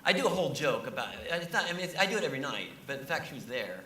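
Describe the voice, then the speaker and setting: Comedian guy rattling off stories fast, animated, echoey room, noisy, mic kinda far away. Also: mid-range voice. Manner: animated, jokey, acts out voices. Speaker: comedian guest. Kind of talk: casual interview storytelling. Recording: roomy, distant mic, noisy.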